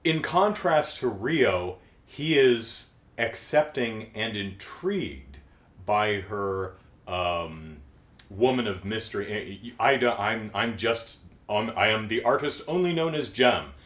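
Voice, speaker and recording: A man's voice: fairly low pitch, expressive, takes it slowly, fairly bright tone. A middle-aged man recapping a cartoon episode in casual comedic talk, dry and sarcastic, acting out the characters' lines.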